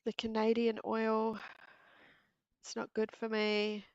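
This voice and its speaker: Unhurried New Zealand woman chatting live. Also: fairly high pitch, monotone, smooth, no echo, dull audio. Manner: chatty, giggly, talks to viewers. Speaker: craft livestream host. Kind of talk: casual live-stream chat. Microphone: earpiece and mic at desk.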